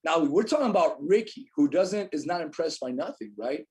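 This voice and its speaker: A young adult man telling a lively story as a podcast guest, acting out what others said. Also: a little high, a little fast. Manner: animated storyteller, acts out quotes. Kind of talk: storytelling in casual chat.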